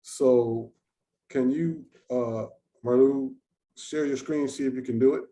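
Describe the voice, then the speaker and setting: Mellow-voiced man moderating a video call. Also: medium pitch, steady tone, takes it slowly, slight background noise. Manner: informal, chatty, thinking aloud. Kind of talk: hosting an online research session.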